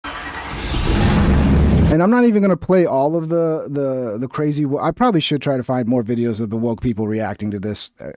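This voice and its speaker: A man's voice: mid-range voice, expressive, moderate pace, heavy background noise. A man hosting a casual reaction stream, talking in a crude, rambling, profane way.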